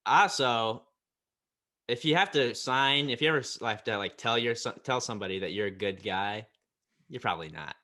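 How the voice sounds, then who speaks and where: Man, podcast host, bright edgy tone, restarts a lot, mid pitch. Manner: halting, stumbling asides. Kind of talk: casual chat.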